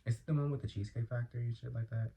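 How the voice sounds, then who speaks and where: A man from Los Angeles hosts a casual solo podcast, rambling in a chatty, slang-heavy way. He breaks into loud, exasperated outbursts when something annoys him, and he speaks into an earphone mic. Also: medium pitch, steady tone, very fast, creaky. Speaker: podcast host.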